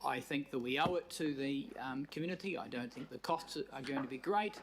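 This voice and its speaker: A male councillor with a New Zealand accent makes his case in a council chamber. He talks in a measured way, often pausing on fillers as he searches for words, at a mid-range pitch. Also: background noise. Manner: measured, hesitant with frequent fillers. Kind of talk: council meeting debate speech.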